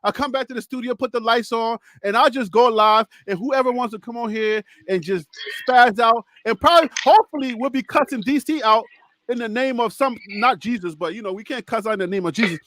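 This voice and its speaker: A man hosting a casual sports talk show from a studio, loud and teasing, laughing often. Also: extremely high pitch, fairly quick, no echo. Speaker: podcast host. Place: home studio.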